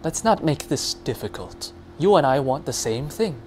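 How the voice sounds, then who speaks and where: A man voicing a calm but threatening male ruler who coaxes and commands. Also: a little high, normal speed, faint music behind, voice pushed up. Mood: menacing. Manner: smooth, coaxing, then bellowing.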